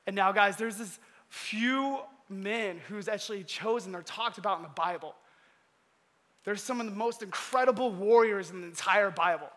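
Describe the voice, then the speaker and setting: A man giving a casual storytelling sermon, animated and slangy. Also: high-pitched. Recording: long hall reverb.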